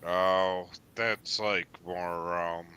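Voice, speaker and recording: A man's voice: low voice, steady tone, extremely slow, pushed and bright, a little hiss or hum. A man from New England hosting a casual livestream chat, rambling with lots of fillers and swearing freely. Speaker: livestream host.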